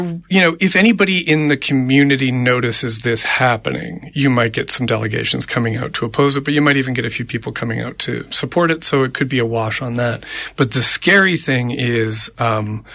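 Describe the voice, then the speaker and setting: A man's voice: mid-range voice, gravelly, pushed and bright, dry recording. A man co-hosting a radio show, chatting casually about city politics in a conversational, rambling way. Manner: conversational, rambling, tallies names aloud. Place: radio studio. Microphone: studio microphone.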